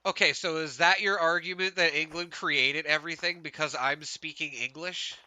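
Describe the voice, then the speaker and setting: A man's voice: on the high side, fairly even intonation, moderate pace, sharp tone. A man from Canada live-streaming a game, chatting casually, rambling with lots of "like" and frequent laughs. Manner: rambling, laughs often, heavy use of "like". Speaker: gaming streamer.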